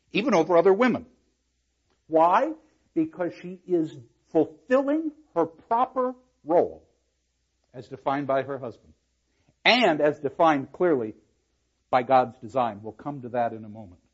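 A man's voice: fairly high pitch, husky, muffled recording. A man giving a university lecture on a play, explaining verse and reading lines aloud with dramatic emphasis. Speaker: literature lecturer.

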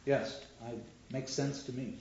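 A man's voice: medium pitch, fairly even intonation, a little slow, a little mellow, a little hiss or hum. A man lecturing on drama with frequent restarts, animatedly acting out the lines he quotes. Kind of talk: lecture with audience questions. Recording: dull roomy lecture recording.

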